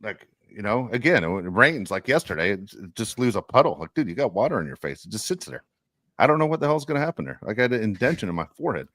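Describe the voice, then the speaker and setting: A man co-hosting a casual sports podcast, telling rambling, animated stories. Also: lowish voice, fast, no room sound, studio quality. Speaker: podcast co-host; youth baseball coach.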